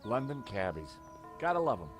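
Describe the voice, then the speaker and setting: An actor voicing a wry male investigator hero in a game, lively and polite. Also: mid-range voice, normal speed, music in the background, lightly acted.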